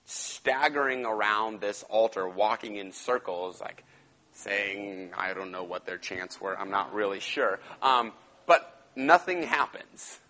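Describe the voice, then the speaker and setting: A young man giving a casual sermon, retelling a Bible story in slangy, animated talk and acting out the characters. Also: on the low side, slow, rough recording. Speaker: pastor.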